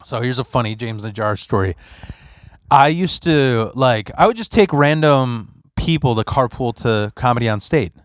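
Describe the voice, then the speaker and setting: A man in his late thirties hosting a podcast, telling stories in a casual, profane, animated way and leaping into loud voices for the people he quotes. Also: mid-range voice, moderate pace, no room sound, clean studio sound. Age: 30s. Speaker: podcast host. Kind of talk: casual storytelling chat.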